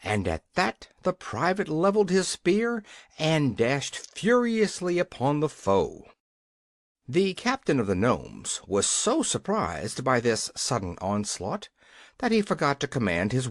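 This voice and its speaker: Expressive male audiobook narrator, lively pitch. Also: dry recording, studio quality. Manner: expressive reading with many character voices. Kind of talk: scripted storybook narration.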